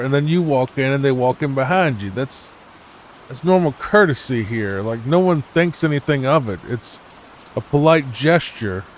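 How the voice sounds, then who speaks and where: A man from the United States giving soft-spoken, rambling gameplay commentary meant for falling asleep, full of hesitations. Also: medium pitch, slight background noise. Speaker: gaming channel host.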